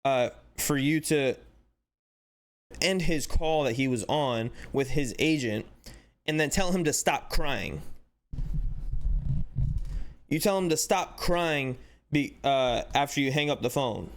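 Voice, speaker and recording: Guy ranting about a sports clip, smooth clear voice, medium pitch, keeps saying like, fired up and fed up. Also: slow, pauses often. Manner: animated and exasperated, rhetorical questions, frequent "like". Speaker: sports channel host. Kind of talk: casual commentary breaking down footage.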